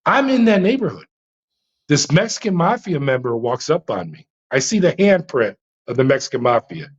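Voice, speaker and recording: A middle-aged man recounts his past as a prison officer, animated and dramatic. He stumbles over fillers and restarts but keeps driving the story. The sound is a little dull and lo-fi. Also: a little high, normal speed, slightly rough. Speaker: interview guest, former prison officer.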